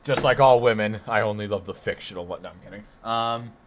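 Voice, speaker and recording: A man's voice: lowish voice, a little fast, slight background noise. A man from the northeastern United States, streaming and chatting casually, rambling and correcting himself as he reacts to chat.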